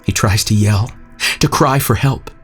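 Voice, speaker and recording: A man with a low voice narrates a scripted horror tale at a measured, tense pace. Faint music plays underneath. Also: husky.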